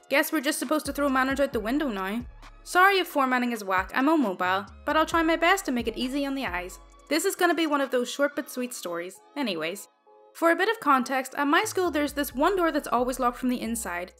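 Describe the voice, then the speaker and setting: A woman's voice: high-pitched, expressive, a little fast, fairly bright tone, soft background music. A woman reading reddit stories aloud in a wry, conversational way. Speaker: reddit story narrator.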